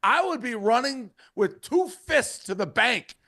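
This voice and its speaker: Male host, higher voice, chatty and loose. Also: sing-song, unhurried, pushed and bright. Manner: loose, chatty, tosses to callers. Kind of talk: casual sports talk.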